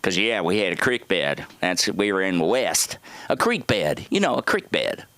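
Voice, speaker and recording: A man's voice: sits low, sing-song, normal speed, a bit bright, dry recording. A man doing open mic stand-up, telling rambling stories with lots of asides and restarts. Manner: rambling, self-interrupting storytelling with asides. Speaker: stand-up comedian. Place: comedy club stage.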